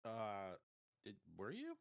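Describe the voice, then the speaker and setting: Deep, gravelly, groggy man. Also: wildly swooping pitch, slow. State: groggy, in pain. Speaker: guest on voice chat.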